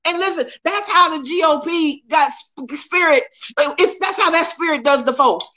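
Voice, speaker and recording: A middle-aged woman livestreaming from her phone indoors, talking in a preachy, animated way and calling out to her viewers. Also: extremely high pitch, normal speed. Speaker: livestream host. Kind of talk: casual live-stream commentary. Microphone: phone propped up.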